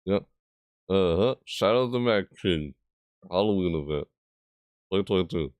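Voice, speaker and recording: A man casually reacts to a gaming video, thinking aloud in rambling, stop-start asides and now and then letting out loud, screeching imitations. His voice is low-pitched and animated at a moderate pace. There's no room sound, and the audio is dull.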